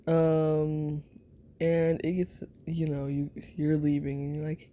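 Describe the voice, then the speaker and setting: Woman, whispered role-play storyteller, rambling, giggly, very mellow, low voice, slow pace. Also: little pitch movement, slight background noise. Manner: rambling, giggly, full of fillers. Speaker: ASMR storyteller.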